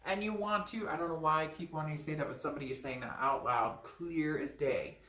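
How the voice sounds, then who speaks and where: A woman with a fairly low voice gives a casual tarot reading, talking frankly and with energy. She swears now and then and is recorded in an echoey room. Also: brisk. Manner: animated, frank, swears, acts out quoted lines in a high voice. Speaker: tarot reader.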